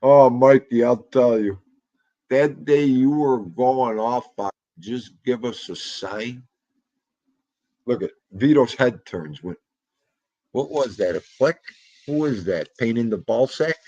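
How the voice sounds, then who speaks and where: Male livestream host, mid-pitched, rambling, crude and jokey. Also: a little slow, dark tone, highs cut off. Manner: rambling, profane, joking banter. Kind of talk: casual livestream chat.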